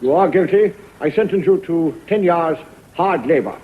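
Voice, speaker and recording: A man's voice: normal speed, close to an everyday voice. A man playing a pompous stern judge. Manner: formal, booming pronouncements. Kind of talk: TV comedy sketch. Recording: tinny lo-fi old TV audio with faint noise.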